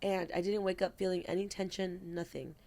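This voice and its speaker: A woman's voice: on the low side, brisk, creaky. Young woman telling stories with swearing. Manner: animated storytelling, acts out quoted lines, swears freely. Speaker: podcast co-host. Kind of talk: casual chat.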